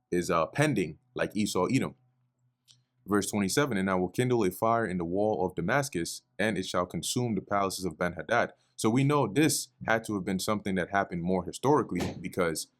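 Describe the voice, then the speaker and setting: Deep-voiced man teaching scripture casually. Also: fairly bright tone. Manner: reads scripture then explains in casual asides, with fillers. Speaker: Bible teacher. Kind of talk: casual verse-by-verse Bible teaching.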